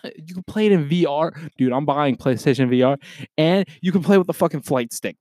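Excitable, swearing young man ranting. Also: fairly high pitch, a little fast, dry recording. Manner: excitable, profane, loud outbursts. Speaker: podcast host. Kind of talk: casual solo rant.

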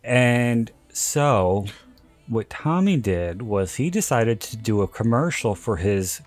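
A man's voice: fairly low pitch, very animated, takes it slowly. A man hosting a podcast, telling stories in a casual chat and laughing often as he goes. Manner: chatty storyteller, laughs often. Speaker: podcast host.

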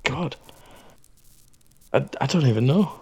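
A man's voice: medium pitch, animated, slow, gravelly, a little mellow, husky, dry recording, dull audio. A man on a casual podcast, answering hesitantly and mumbling.

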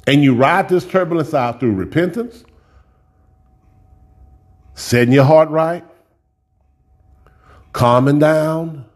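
Fairly high-voiced man preaching, folksy. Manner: repeats words while building up, folksy and direct. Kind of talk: sermon.

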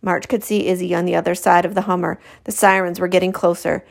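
A teacher reads a children's novel aloud to her class, putting expression into the story. Her voice is gravelly, and she goes back to fix her own misreadings. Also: lowish voice, fast talker. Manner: expressive, self-correcting.

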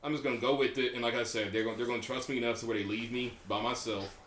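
Fast-talking young man, bright and roomy. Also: mid-range voice, fairly even intonation, a little hiss or hum. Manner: rambling, profane, laughs a lot. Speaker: podcast co-host. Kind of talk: casual podcast banter. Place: small room, bathroom. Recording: roomy echo.

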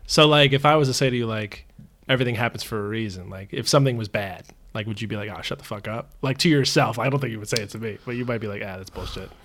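A man's voice: on the low side, fairly bright tone. A young man hosting a casual podcast, rambling easily and laughing often. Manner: easygoing, rambling, quick to laugh. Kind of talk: casual chat.

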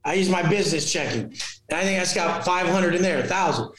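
A man who is a fitness and motivational coach, talking as a podcast guest in an intense, forceful way, swearing constantly and acting out the people he quotes. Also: sits high, lively intonation, fast talker. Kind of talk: intense profane motivational talk. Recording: very echoey room.

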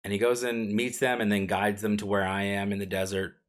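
A podcast co-host rambles through a personal story, filling it with fillers and chuckling as he goes. His voice is lowish and flat, and he talks fairly quickly.

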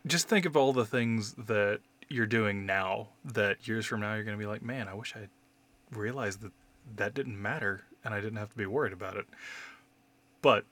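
Brief: man in his thirties, bright, forward voice sitting a little low, candid storyteller who swears a lot. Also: normal speed. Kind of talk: casual conversation.

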